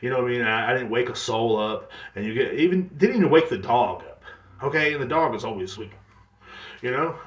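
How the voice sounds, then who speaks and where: Fast-ranting profane podcast host man. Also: medium pitch, a bit bright, echoey room. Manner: profane, exasperated, mimics others in quick asides. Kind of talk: solo comedic rant.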